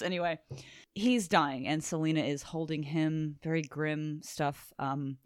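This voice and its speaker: A woman's voice: sits low, steady tone, unhurried, clear, resonant tone, no room sound, clean studio sound. A woman co-hosting a podcast, enthusiastically recapping a comic book in casual chat and swearing now and then. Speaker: podcast co-host.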